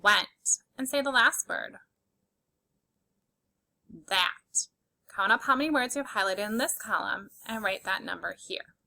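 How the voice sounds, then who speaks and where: This woman's medium-pitched voice comes across pushed and bright. She guides young children through a phonics reading lesson, slowly and clearly sounding out the letters one by one while encouraging and cheering them.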